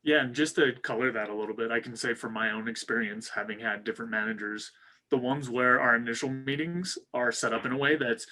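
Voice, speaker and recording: A man's voice: medium pitch, a little fast. A man co-hosting a podcast, talking casually and at ease, sharing experiences from his own work. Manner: relaxed, lots of fillers, tells stories from his own work life. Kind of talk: casual chat.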